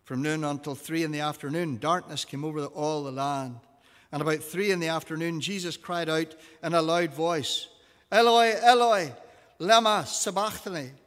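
A man's voice: fairly high pitch, steady tone, normal speed, fairly bright tone. A man reading scripture aloud to a class, giving the quoted lines expression. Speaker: teacher. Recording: long reverb of a hall.

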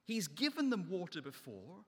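Male preacher, slightly high voice, emphatic rise-and-fall sermon delivery, long church reverb. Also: huge pitch swings, moderate pace, breathy edge. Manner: emphatic, rising and falling delivery.

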